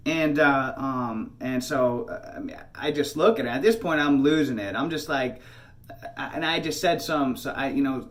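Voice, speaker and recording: A man's voice: mid-range voice, moderate pace. A man casually telling a personal story, rambling with many fillers and restarts. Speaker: channel host.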